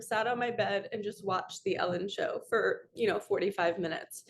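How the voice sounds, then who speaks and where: A woman's voice: medium pitch, steady tone, normal speed, few pauses, a little hiss or hum. Candid woman telling a personal story. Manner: candid, emotional, rambling with fillers. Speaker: manifestation coach.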